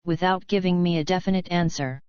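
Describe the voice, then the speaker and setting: A witty young Englishwoman journalist, read by a woman narrator, light and amused yet firm. The tone is smooth and a touch low, recorded dry on a slightly dull audiobook track. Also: steady tone, a little fast, darkish tone, no room sound, close to an everyday voice.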